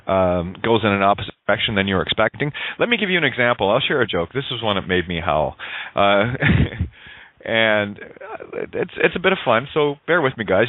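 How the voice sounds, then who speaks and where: A man's voice: medium pitch, dry recording. A man hosting a radio talk show in casual chat, rambling, laughing often and repeating himself. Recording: dry tinny phone line.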